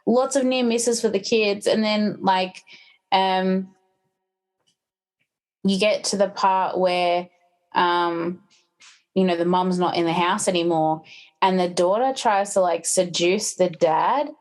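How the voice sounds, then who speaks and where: A woman's voice: medium pitch, steady tone, slow pace, long pauses, darkish tone. A woman guest in casual podcast chat, retelling film plots with many fillers.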